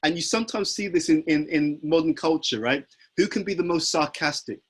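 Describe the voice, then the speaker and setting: Man, devotional sermon, husky voice, rhetorical questions. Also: on the high side, fairly quick. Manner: rhetorical questions, self-answering with "huh?". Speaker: preacher. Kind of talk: devotional lecture.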